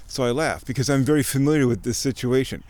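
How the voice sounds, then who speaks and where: A man hosting a casual nature chat outdoors by a creek, a chatty storyteller who jumps into high mock voices when quoting people. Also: fast, a little mellow, no room sound. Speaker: host.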